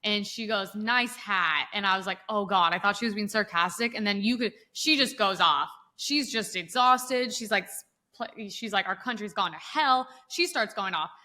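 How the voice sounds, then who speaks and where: A young adult woman co-hosting a podcast, telling a story in an animated way and acting out the people she quotes. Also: medium pitch, normal speed. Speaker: podcast co-host. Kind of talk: casual storytelling chat.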